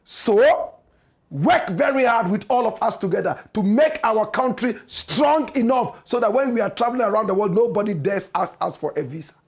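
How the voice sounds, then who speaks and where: A man's voice: sits high, expressive, normal speed. A man with a Ghanaian English accent hosting a political commentary show, speaking with impassioned, preachy rhetoric and repeated refrains. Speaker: radio and online show host.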